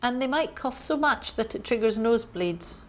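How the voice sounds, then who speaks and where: A woman's voice: fairly high pitch, animated, normal speed. Woman lecturing with acted-out coughs. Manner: explanatory, acts out coughs and gasps, uses fillers. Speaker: homeopathy lecturer. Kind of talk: recorded lecture.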